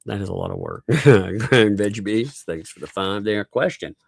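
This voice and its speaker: Gravelly, laughing male livestream host. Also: lowish voice, lively intonation, normal speed. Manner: laughs constantly between remarks. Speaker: livestream host reading viewer donations. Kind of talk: casual livestream chat.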